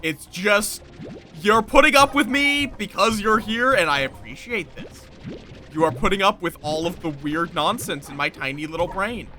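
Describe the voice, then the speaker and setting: A man's voice: high-pitched, expressive, normal speed, bright, forceful tone, faint music behind. A man casually streaming a game, rambling playfully, joking at his own expense and chatting with viewers. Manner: rambling, playful, self-deprecating, chats with viewers. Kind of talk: casual livestream chat over gameplay.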